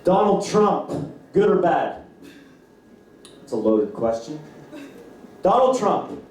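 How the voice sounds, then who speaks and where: A man's voice: high voice, sing-song, takes it slowly, a little mellow, slight background noise. A man from Canada doing a stand-up comedy set. He jokes loosely with the crowd and acts out voices of family members. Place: comedy club. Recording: echoey club heard from a distance.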